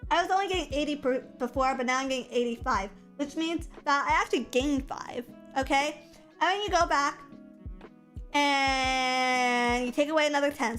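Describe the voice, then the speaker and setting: Faint music plays behind a young woman streaming a casual, playful chat. Her voice is high and a bit bright, and she indulges in plenty of silly vocal play.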